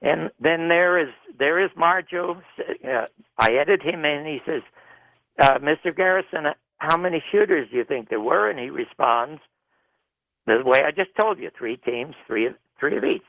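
Man storyteller, gravel in the voice, somewhat high, tinny phone-line radio sound, dry. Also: moderate pace, no room sound. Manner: animated storyteller, shouting out quoted arguments. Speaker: television producer telling his story. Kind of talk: recounting a story in an interview.

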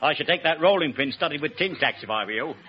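A man as the host of a 1940s radio comedy, firing off rapid puns. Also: on the high side, lively intonation, noisy background. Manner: rapid punning patter. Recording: lo-fi old radio recording with studio audience.

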